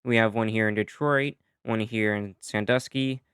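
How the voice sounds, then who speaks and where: A man's voice: on the low side, steady tone, moderate pace, fairly bright tone, clear, resonant tone, no echo, studio quality. A man narrating a map simulation video in a chatty, explanatory way, with casual asides and self-corrections. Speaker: YouTube narrator.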